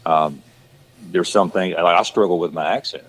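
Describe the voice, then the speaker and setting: Southern man, very low voice, rambling casual talker. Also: fairly quick, breathy edge, poor audio. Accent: Southern US country. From rural Georgia, west of Atlanta. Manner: rambling, many fillers and restarts. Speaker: actor guest. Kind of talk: casual chat.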